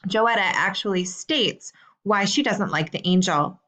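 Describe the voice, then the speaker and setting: Woman teacher, medium pitch, reads assignment questions slowly and clearly. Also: a bit bright. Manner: slow, clear and deliberate. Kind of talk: recorded assignment instructions.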